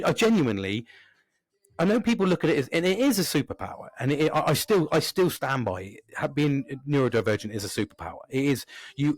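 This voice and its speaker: A man in his thirties talks in a casual, rambling chat, swearing all the time. His voice sits at an ordinary middle pitch. The recording is close and dry, with little room sound. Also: no room sound. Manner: swears constantly, animated and rambling; acts out inner voices with big jumps in pitch. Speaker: podcast host.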